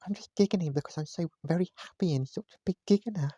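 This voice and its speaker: A man's voice: fairly high pitch, quick pace, warm tone, no room sound, highs cut off, pitched above the performer's own voice, natural voice. A man putting on a giggly young waitress. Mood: bubbly. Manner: bubbly, giggly.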